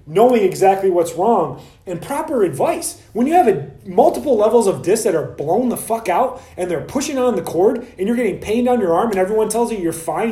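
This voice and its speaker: A man ranting on a solo podcast, heated and profane, mocking other practitioners in quick asides. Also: high-pitched, mellow, reverberant.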